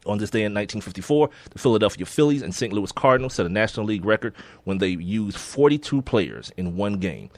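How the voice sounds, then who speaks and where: A laid-back man co-hosts a sports podcast, his low voice close to the mic and dry. He speaks, chuckling as he works through the day's listings. His delivery is loose and unhurried. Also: big pitch swings, dry recording. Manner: laid-back, laughs often, reads listings with slips. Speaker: podcast co-host. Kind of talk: casual sports podcast chat.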